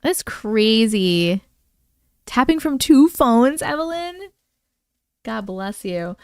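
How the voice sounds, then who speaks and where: Lively, chatty woman with a smooth, higher voice. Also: slow pace, no room sound, studio quality. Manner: excitable, exclamatory, reacts to viewer comments. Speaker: livestream host reading viewer stories. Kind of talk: casual livestream chat.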